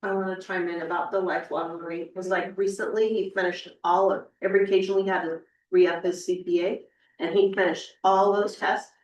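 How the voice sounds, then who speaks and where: A woman on a school board chats casually, her voice slightly low. She is picked up from a distance in an echoing room. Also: little pitch movement, a little fast. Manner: casual, fond anecdote. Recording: roomy sound from a distant mic.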